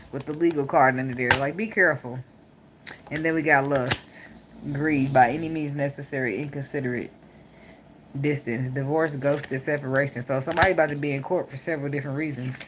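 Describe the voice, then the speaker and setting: Low-voiced blunt woman tarot reader. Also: slight background noise. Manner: blunt, profane and joking. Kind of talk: casual tarot reading.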